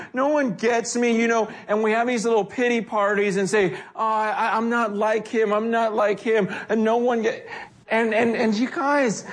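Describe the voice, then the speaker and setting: A man with a high voice gives a conversational sermon. He keeps it loose and animated, slipping into the voices of the people he quotes. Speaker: pastor.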